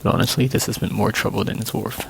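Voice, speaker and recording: A man's voice: on the low side, fairly even intonation, fast talker, creaky, a bit bright, a little hiss or hum, low-quality recording. A man voicing a nervous male hired worker who talks in a flustered, defensive way. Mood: grumbling.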